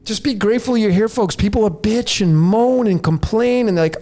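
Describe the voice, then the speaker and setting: A man's voice: sits high, fairly quick, hardly any pauses, darkish tone, soft background music. A man in his late forties hosting a podcast, delivering a raw, preachy rant straight to his listeners. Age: 40s. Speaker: podcast host. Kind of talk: monologue to listeners.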